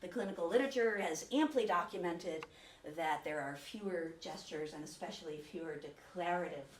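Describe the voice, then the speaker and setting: Lower-pitched woman researcher lecturing casually, with frequent fillers and restarts, picked up from a distance in an echoey room. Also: fairly quick, a little hiss or hum. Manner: conversational, with fillers and self-corrections. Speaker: autism researcher giving a talk. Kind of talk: academic lecture. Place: lecture room, hybrid session with remote viewers. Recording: roomy, distant lecture-hall sound with faint ambience.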